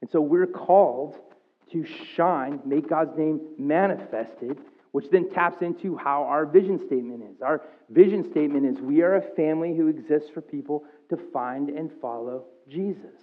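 Energetic male pastor on a tinny line. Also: normal speed. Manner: energetic, conversational preaching that rises in pitch and volume. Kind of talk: sermon. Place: church. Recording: tinny phone-like sound.

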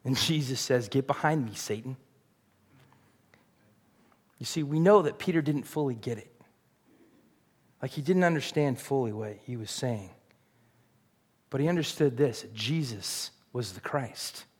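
A man's voice: medium pitch, normal speed, pauses often, a little mellow, husky. A middle-aged man, preaching a sermon in a casual, conversational way and putting questions to the congregation. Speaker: pastor.

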